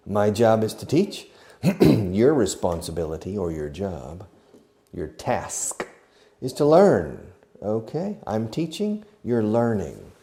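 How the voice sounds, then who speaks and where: A man who speaks English natively, teaching a beginner English lesson, acting out each verb as he names it and adding quick translations. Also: lowish voice, dark tone. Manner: acts out each verb while naming it, slipping in quick translations.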